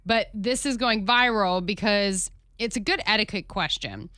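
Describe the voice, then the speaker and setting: A woman's voice: medium pitch, moderate pace, bright, forceful tone, clear, resonant tone, dry recording, clean studio sound. A woman co-hosting a morning show, explaining a topic in a chatty way. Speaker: radio show co-host. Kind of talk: casual morning show chat.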